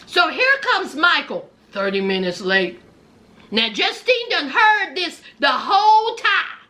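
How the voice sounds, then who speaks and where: A woman gossips her way through a reality show recap, laughing often and calling her listeners honey. Her voice is very high and bright, with lively swings in pitch. She takes her time. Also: slow. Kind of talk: casual commentary.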